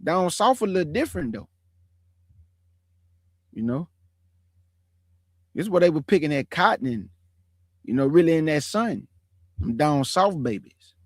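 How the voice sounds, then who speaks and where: A man's voice: on the high side, sing-song, a little slow, long pauses, no room sound, studio quality. A man in his forties giving a casual testimony to his online audience, preachy and emphatic, repeating phrases in slangy street talk. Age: 40s. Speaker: streamer.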